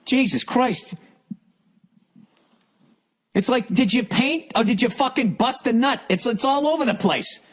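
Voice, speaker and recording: A middle-aged man rants on a comedy podcast, cursing hard and shouting now and then. His voice sits notably high for a man. The delivery is blunt and heated throughout. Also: animated, moderate pace, few pauses. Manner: profane, angry ranting with shouted outbursts. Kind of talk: ranting comedy podcast monologue.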